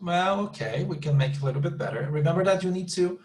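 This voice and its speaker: A man teaching an online English class, patiently repeating words and slowly modelling sample sentences. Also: high-pitched, expressive, a little mellow, poor audio.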